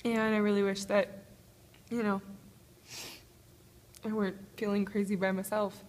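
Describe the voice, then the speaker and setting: A woman recording a confessional video diary on a phone held to her face in a small gym, tearful and halting, laughing nervously through her words. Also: mid-range voice, little pitch movement, darkish tone. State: tearful, crying. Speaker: vlogger. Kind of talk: emotional personal video diary. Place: small apartment-complex gym, indoors.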